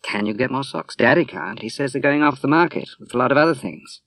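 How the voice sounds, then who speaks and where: A man's voice: medium pitch, fast talker, a bit bright, no echo, voice pushed up, natural voice. A man voicing a bold, outspoken young Australian woman in a storybook reading, with a teasing, blunt manner. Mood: brash.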